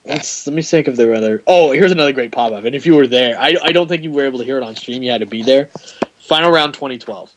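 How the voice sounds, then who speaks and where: Laughing, animated man telling stories. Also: mid-range voice, fast, low-quality recording. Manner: animated storyteller, acts out quotes, laughs often. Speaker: podcast host. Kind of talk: casual chat.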